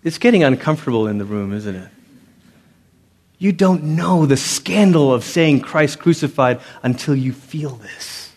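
A man preaching a sermon as pastor, swinging between loud emphatic lines and hushed ones. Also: mid-range voice, animated, unhurried. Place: church sanctuary. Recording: long reverb of a large hall.

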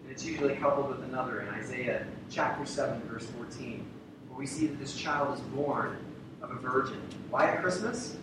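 A man preaching a sermon to a congregation, repeating key phrases for emphasis and asking rhetorical questions. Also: moderate pace. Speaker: pastor. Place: church sanctuary. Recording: very echoey hall, distant mic, rumble.

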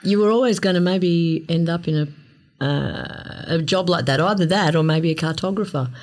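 A woman co-hosting a podcast in casual chat, quick-witted and teasing. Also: lowish voice, a little mellow. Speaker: podcast co-host.

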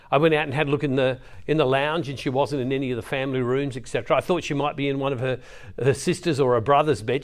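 A middle-aged man preaching, reading scripture and telling a family story with slow, emphatic pauses. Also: mid-range voice. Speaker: Catholic preacher.

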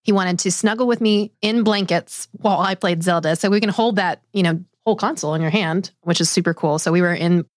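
A woman co-hosting a casual podcast chat in a studio, easygoing and quick to laugh. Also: on the low side, no room sound. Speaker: podcast co-host.

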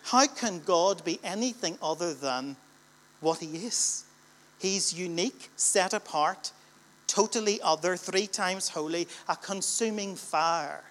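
Slow and high-pitched, with a fairly bright tone, a middle-aged Northern Irish man preaches to a church gathering in his Northern Irish accent. He poses rhetorical questions and repeats lines that build and swell with emphasis.

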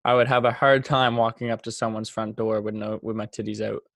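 A man's voice: on the low side, little pitch movement, fairly quick, creaky, fairly bright tone, dry recording. Young male podcast co-host, crude and rambling, dry mic. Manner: crude, joking, rambling with restarts. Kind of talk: casual chat.

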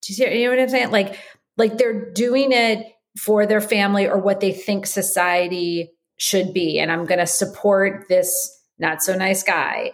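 A woman's voice: mid-range voice, fairly even intonation, measured pace. A woman hosting a podcast interview who rambles through her questions, restarting them often and murmuring along while her guest talks. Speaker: podcast host. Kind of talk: casual interview chat.

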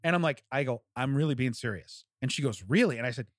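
Man, casual storytelling, mid-pitched voice, acts out voices, laughs a lot, dry close recording. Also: fast talker, no room sound. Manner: animated storyteller, acts out both sides of a phone call, laughs often.

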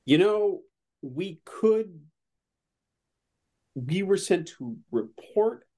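A man's voice: high voice, expressive, extremely slow, warm tone. A man playing a tabletop horror game, rambling hesitantly with many fillers. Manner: hesitant, lots of fillers and restarts. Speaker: player. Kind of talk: casual tabletop play, often in character.

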